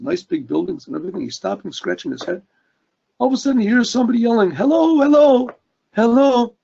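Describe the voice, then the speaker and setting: Husky-voiced rabbi telling a story. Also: male voice, a little high. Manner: earnest, animated storytelling with throat clearing. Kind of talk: storytelling sermon. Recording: dull lo-fi recording.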